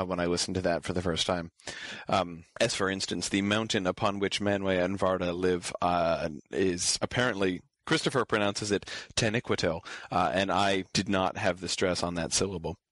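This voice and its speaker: A man's voice: low voice, a bit bright, dry recording. A man lecturing an online class and taking viewer questions, explaining patiently and often stopping with fillers and restarts. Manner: halting, many fillers and restarts.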